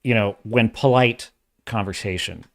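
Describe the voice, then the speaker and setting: A man's voice: on the low side, measured pace, gravelly, fairly bright tone. A man hosting a casual livestream of entertainment commentary, opinionated and exasperated, talking in bursts with restarts. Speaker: host of a sci-fi and fantasy commentary channel.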